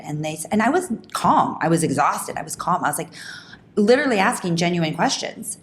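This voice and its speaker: Low-voiced woman telling a story. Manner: animated, fast talking with frequent restarts; emphatic, rising pitch when indignant. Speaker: podcast host. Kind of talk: casual podcast storytelling.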